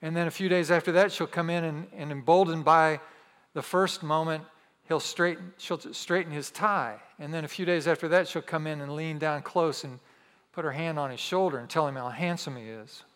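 Preaching to his congregation, a pastor speaks emphatically, repeats his key lines and slips in humorous asides. He has a fairly bright, high-leaning voice with fairly even intonation at normal speed. Long reverb from the church hall, where an audience is present, colors the recording.

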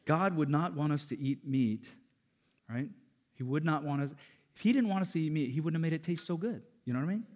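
Animated preacher in a reverberant hall. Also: male voice, fairly high pitch, fairly quick. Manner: animated, joking, rising to loud emphatic peaks. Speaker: pastor. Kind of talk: sermon.

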